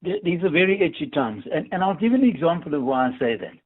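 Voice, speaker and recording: A man's voice: fairly high pitch, very animated, fast talker, husky. Man on a tinny phone line. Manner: earnest, repeats words while thinking. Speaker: industry association chief executive. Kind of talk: radio phone interview.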